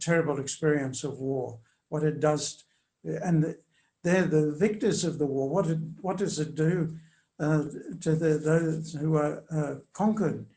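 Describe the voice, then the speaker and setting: An older man speaks in a gravelly voice that sits a little high for a man. He answers questions in a measured, hesitant way, often pausing on fillers. He leans on the quoted passages when reading them aloud. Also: warm tone. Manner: reads quotations aloud with emphasis. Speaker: commentator on church social teaching.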